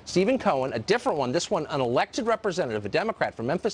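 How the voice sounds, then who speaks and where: A male host of a televised news show questions his guest and then turns to commentary. His voice sits somewhat high, with pitch that moves a lot. He asks pointed questions, sometimes stumbling over the first words. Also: big pitch swings, quick pace, hardly any pauses, breathy edge. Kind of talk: live TV news interview and commentary.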